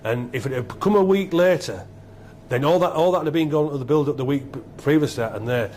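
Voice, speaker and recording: A middle-aged man, a former rugby captain being interviewed, telling stories excitedly and repeating himself. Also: on the high side, brisk, slight background noise. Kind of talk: animated storytelling interview.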